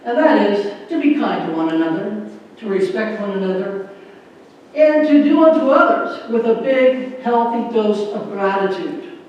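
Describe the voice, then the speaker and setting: A man's voice: high-pitched, expressive, a little slow, highs cut off. A man giving an earnest, folksy stage talk with a magic trick, joking with a church audience. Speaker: magician and motivational speaker. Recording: echoey hall from far off.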